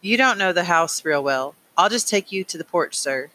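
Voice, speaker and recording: A man reading an audiobook, voicing a polite, earnest young girl who speaks carefully and slowly. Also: sits high, lively intonation, pushed and bright.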